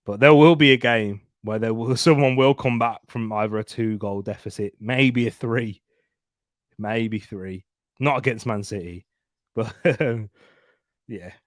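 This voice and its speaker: At a measured pace and fairly low pitch, a young watchalong host talks through a live football match, casual and chatty, bantering and laughing often. The recording is dry and studio quality.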